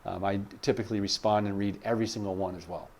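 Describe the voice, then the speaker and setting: A man's voice: fairly low pitch, fairly even intonation, quick pace, slight background noise. A man teaching sales in a casual monologue, acting out client dialogues and talking with frequent fillers. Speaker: sales coach.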